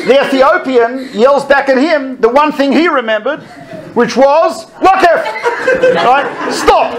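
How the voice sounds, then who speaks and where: A middle-aged man telling army stories to an audience, animated and laughing often as he quotes others. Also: very high voice, a little slow, crowd noise. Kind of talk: storytelling talk.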